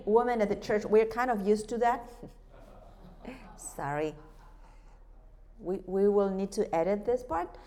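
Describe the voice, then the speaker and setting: A woman teaching a church group about worship music, lively, asking rhetorical questions. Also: on the high side. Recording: long hall reverb.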